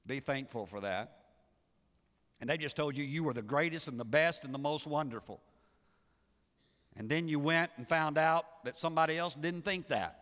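A man's voice: on the high side, moderate pace, long pauses, fairly bright tone. Man preaching in an echoing hall. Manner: conversational preaching with frequent restarts and rhetorical questions. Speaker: pastor. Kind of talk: sermon.

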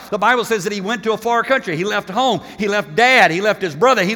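A man preaching a sermon as pastor, impassioned, swinging between loud bursts and hushed passages. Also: high voice. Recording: long hall reverb.

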